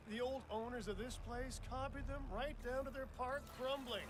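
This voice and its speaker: A man's voice: very high voice, fairly even intonation, moderate pace. An actor playing a wisecracking male park staffer in a video game, speaking sarcastically. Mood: wry. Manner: sarcastic, joking.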